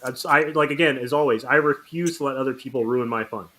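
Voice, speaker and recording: A man's voice: mid-range voice, quick pace, a bit bright. A man co-hosting a casual podcast chat, giving a friend frank, blunt advice. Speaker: podcast co-host.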